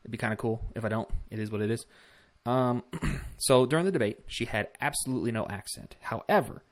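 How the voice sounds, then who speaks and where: A man's voice: medium pitch, fairly quick. A man hosting a casual political commentary vlog, talking bluntly with swearing and rambling asides. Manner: blunt, profane, rambling with fillers.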